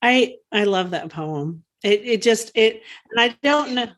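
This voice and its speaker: A woman's voice: on the high side, expressive, measured pace. A woman co-hosting a podcast in casual chat, talkative and rambling, with frequent laughs and fillers. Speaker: podcast co-host.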